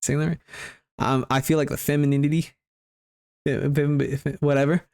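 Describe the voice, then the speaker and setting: A man's voice: on the high side, little pitch movement, normal speed, a little mellow. A man hosting his own show, talking loosely in a rambling, joking monologue with some swearing. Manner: loose, joking and profane, often trailing off into asides. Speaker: vlogger host.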